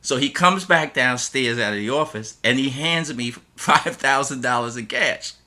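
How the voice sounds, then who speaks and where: A man in middle age recounts a story from his teaching days, his tone very bright and forward. He slips into the voices of the people he quotes as he goes, keeping the telling animated. His pitch sits at an ordinary middle height. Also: normal speed.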